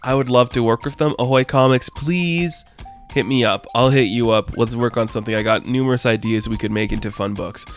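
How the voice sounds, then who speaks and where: A man giving a casual, excited comic book review, rambling and briefly voicing characters as he retells scenes. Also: mid-range voice, brisk, soft background music.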